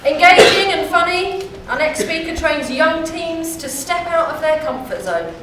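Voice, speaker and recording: High-voiced woman announcing in an echoey hall. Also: lively intonation, unhurried, a bit bright, a little hiss or hum. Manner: upbeat, announcing. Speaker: event host introducing speakers. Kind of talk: formal speaker introduction. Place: conference hall. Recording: very echoey hall, mic far off, faint ambience.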